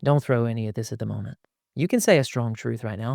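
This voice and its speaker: Man, podcast host, animated, acts out voices, dry close sound. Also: mid-range voice, quick pace, creaky, no room sound. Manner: animated, acts out quoted lines in shifting voices. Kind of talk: casual podcast advice talk.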